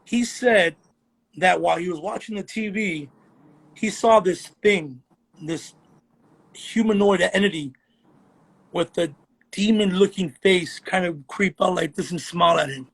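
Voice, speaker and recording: A man's voice: sits high, unhurried, pauses often, a bit bright, slightly rough. A man, a guest on a podcast, telling an eerie story in casual chat with an earnest manner.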